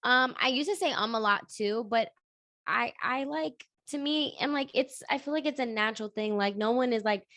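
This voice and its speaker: A woman journalist and radio host, talking fast and animatedly as a guest in a casual interview, with lots of "like.". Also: on the high side, pushed and bright, no room sound, clean studio sound.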